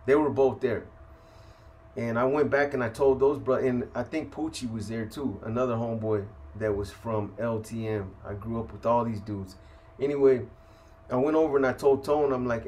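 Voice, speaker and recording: A man's voice: mid-range voice, steady tone, moderate pace, a little mellow. A man from San Francisco telling a prison story in casual, profane street slang, full of "you know" and "man". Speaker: host telling prison stories.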